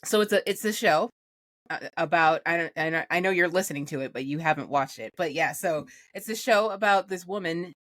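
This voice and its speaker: A woman co-hosting a podcast in casual chat, talking in an animated, opinionated and emphatic way. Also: lowish voice, a little fast. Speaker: podcast co-host.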